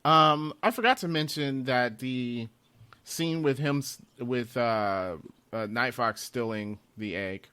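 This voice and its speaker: A man's voice: medium pitch, slow, clean tone, dry recording. A man co-hosting a podcast, chatting casually about a movie and laughing often. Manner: laughs often, animated retelling. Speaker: podcast co-host.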